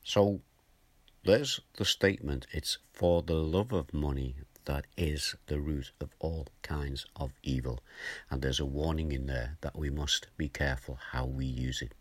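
An older male preacher with a very deep voice leads a morning devotional, explaining scripture in plain terms, gently and conversationally and a little slowly, chuckling now and then. The sound is dry and close, without room echo.

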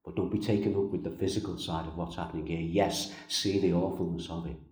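A man preaching a sermon as pastor, slow and emphatic, with pauses and repeated phrases. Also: low-pitched, fairly even intonation, darkish tone, roomy sound, rough recording. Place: church.

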